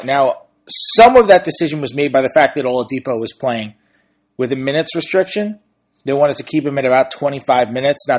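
A man, a sportswriter and podcast host, talking through team stats and standings in an analytical, conversational way. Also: on the high side. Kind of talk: casual sports commentary.

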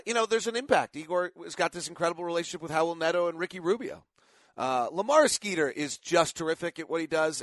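A man's voice: fairly high pitch, fairly bright tone, no echo. A middle-aged man hosting a casual sports talk show, a rambling storyteller who keeps correcting himself, tired after little sleep.

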